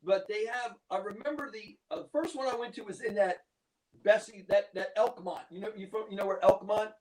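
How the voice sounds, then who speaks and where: High-voiced male interview host. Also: poor audio. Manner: eager, quick to agree. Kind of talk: casual chat.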